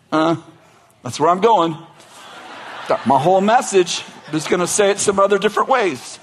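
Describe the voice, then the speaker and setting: A man's voice: high-pitched, moderate pace, slight background noise. A man preaching a sermon, retelling a story in a casual, joking way, laughing often and breaking into asides and restarts. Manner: animated, joking, laughs often between lines. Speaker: pastor.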